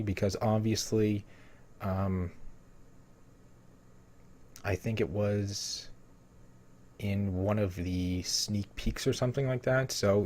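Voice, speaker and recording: A man with a somewhat low voice talks through an upcoming episode in a loose, unscripted way. He reads lines from a summary and then wanders off on tangents. He fills every gap with "you know" and "um". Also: mellow. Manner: rambling, heavy with "you know" fillers. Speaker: TV episode spoiler commentator. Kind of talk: casual spoiler rundown reading from a summary.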